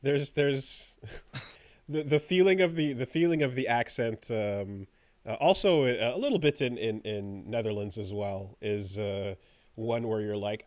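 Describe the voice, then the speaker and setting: Chill podcast guy, kinda halting, trails off, dry close sound. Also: mid-range voice, darkish tone, no room sound. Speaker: podcast co-host. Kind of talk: casual podcast banter.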